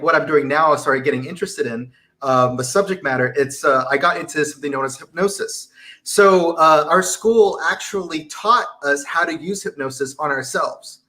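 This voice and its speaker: Eager, rambling man, a bit high. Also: pushed and bright. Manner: eager, rambling, laughs easily. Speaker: guest. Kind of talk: casual interview chat.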